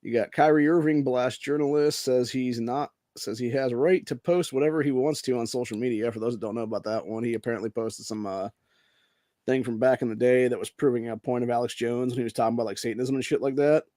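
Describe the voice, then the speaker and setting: A man's voice: medium pitch, fairly even intonation, quick pace, dark tone, dry recording. A man from Ohio hosting a podcast, giving casual news commentary in a brash, profane way that is heavy on "dude.". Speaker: podcast host.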